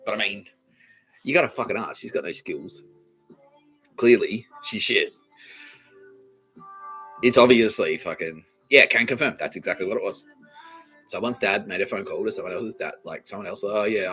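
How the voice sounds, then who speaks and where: On a comedy podcast, the Australian male host talks at normal speed in a lowish voice, leaving long pauses. His rambling stories come loaded with profanity, laughter and animated ranting, with soft background music on a low-quality recording.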